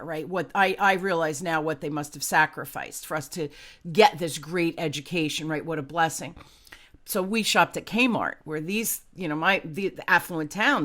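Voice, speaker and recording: A woman in her fifties telling a candid personal story as a guest, chatty and animated, often tagging "right?". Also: lowish voice.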